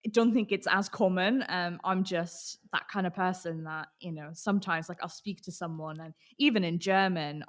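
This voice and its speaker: A woman from Austria with an accent that is hard to place, talking openly as an interview guest and laughing often. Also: on the low side. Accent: British English blended, hard to place. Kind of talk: casual interview chat.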